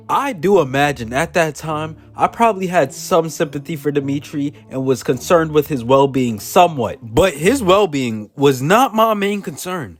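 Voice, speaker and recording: A young adult man narrating a funny childhood story in a casual, slangy, animated storytime style. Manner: casual, animated, slangy delivery with big pitch swings. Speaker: storyteller, channel host.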